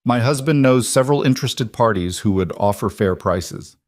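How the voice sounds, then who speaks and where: A man's voice: mid-range voice, expressive, moderate pace, no room sound, clean studio sound, close to an everyday voice. A man voicing a haughty older society woman who sneers with false sympathy. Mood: scornful.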